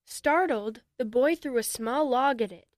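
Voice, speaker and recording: A woman narrating a children's story in a gentle, steady reading voice. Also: on the high side, a little slow, no room sound, studio quality.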